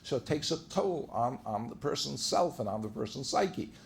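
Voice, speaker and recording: A man of medium pitch, with lively intonation and some vocal fry, speaks at a moderate pace. As a divorce lawyer presenting a seminar to a live crowd, he stays conversational, tells plenty of anecdotes, and dramatizes quoted exchanges.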